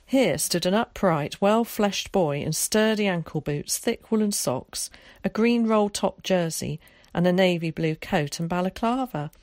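A woman narrating an audiobook in a calm, measured way. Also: lowish voice, dry recording, clean studio sound.

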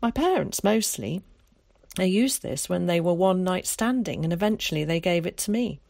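A woman reading aloud, voicing an eager, theatrical schoolboy who loves to show off, in a lively, dramatic way. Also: lowish voice, normal speed, gravelly, no room sound, clean studio sound.

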